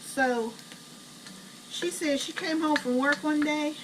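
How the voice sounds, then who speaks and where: A middle-aged woman telling blunt, animated family stories while she cooks at home. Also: sits high, slow pace. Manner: blunt, chatty, animated retelling. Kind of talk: casual storytelling while cooking. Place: home kitchen. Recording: distant camera mic, noisy kitchen.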